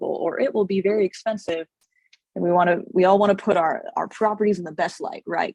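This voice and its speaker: Hoarse, chatty woman realtor. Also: on the low side, darkish tone, no room sound, low-quality recording. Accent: Californian English. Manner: chatty, rambling with many fillers and restarts. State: slightly hoarse, losing her voice. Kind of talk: casual explainer video.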